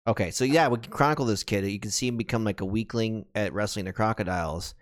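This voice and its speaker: A man's voice: lowish voice, fast talker, no echo. A man with a nasal Midwestern accent, co-hosting a podcast in casual, joking chat. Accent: Midwestern American. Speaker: podcast co-host.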